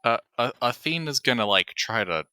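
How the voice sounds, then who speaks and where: A man's voice: medium pitch, animated, normal speed, pushed and bright, clean tone, no room sound. A man playing a character in a tabletop game, chatting casually and animatedly. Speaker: player.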